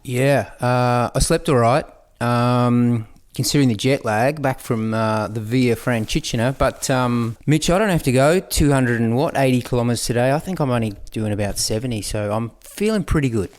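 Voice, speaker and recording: A man with a smooth, clear voice at a middle pitch talks in a relaxed, cheerful manner. He is a riding companion chatting outdoors on a cycling trip. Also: normal speed, hardly any pauses. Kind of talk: casual chat.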